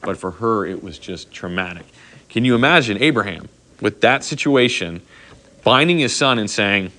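A middle-aged pastor delivers a sermon in a bright, forceful voice that sits a little low. He talks casually, tells a personal story, and keeps asking his listeners "okay?". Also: moderate pace. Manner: conversational, animated storytelling with frequent "okay?" asides.

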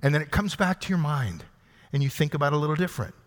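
A man's voice: on the high side, lively intonation, racing. A male pastor giving an expository sermon in a conversational way, asking the congregation questions as he goes. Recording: long hall reverb.

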